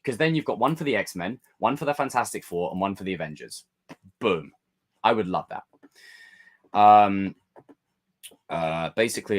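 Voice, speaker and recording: Theatrical man hosting a livestream. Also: low voice. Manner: theatrical, animated rants. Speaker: livestream host. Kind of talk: casual live chat with viewers.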